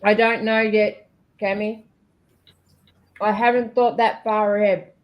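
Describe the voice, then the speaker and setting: A woman's voice: medium pitch, level tone, takes it slowly, muffled recording. A woman co-hosting a livestream, chatting in a curious, easygoing way. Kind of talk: casual chat on a livestream.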